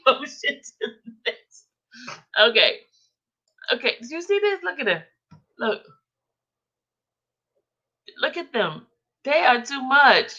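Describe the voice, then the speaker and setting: A woman's voice: high voice, bright, forceful tone, highs cut off. A woman hosting a casual livestream, teasing her chat and laughing through almost everything she says. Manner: giggly, keeps laughing while talking to the chat; chatty and teasing. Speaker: livestream host.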